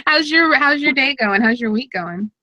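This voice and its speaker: A woman's voice: high voice, lively intonation, measured pace, over a noisy crowd. A woman hosting a casual online chat show, talkative and laughing often. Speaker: podcast host.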